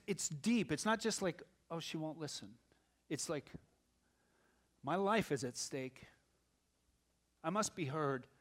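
Middle-aged male pastor, sermon delivery, higher-pitched, shifts between soft musing and loud fervor. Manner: swings from quiet musing to loud impassioned preaching.

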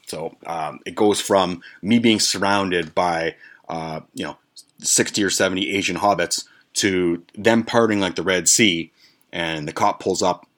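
A man with a low, deep voice tells a story in a loose, casual rant. He swears freely and keeps stumbling through fillers and restarts as he goes. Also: a bit bright. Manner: profane, rambling, with many fillers and restarts. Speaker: podcast host.

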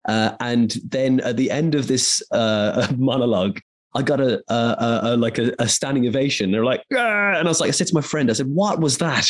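A man's voice: mid-range voice, steady tone. A man in his forties from Ireland, a voice actor telling long, rambling stories in a casual interview. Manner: rambling anecdotal storyteller, quick bursts.

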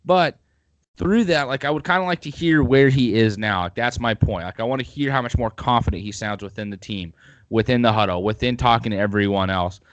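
A man's voice: medium pitch, a little fast, dry recording, highs cut off. A man hosting a podcast, chatting casually and at length about football with opinionated rambling. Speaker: podcast host.

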